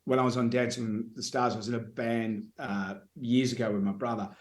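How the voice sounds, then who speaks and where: An Australian man and radio host, telling lively anecdotes in casual chat and acting out the quotes. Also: medium pitch, fairly quick, roomy sound. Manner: animated anecdotes with acted-out quotes.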